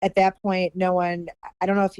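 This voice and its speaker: Middle-aged woman, podcast guest, animated storyteller, close dry mic. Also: on the low side, fairly quick, clean tone, dry recording, dull audio. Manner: animated storyteller acting out quoted people. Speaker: podcast guest, former animal control director. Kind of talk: storytelling in a casual interview.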